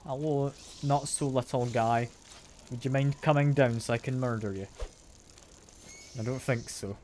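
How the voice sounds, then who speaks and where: A man's voice: mid-range voice, steady tone, measured pace, a little hiss or hum. A young man with a mild Scottish accent, chatting casually to his live-stream viewers while gaming at home on a sensitive desk mic. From Scotland. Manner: chatty, self-deprecating, answers chat aloud with soft laughs.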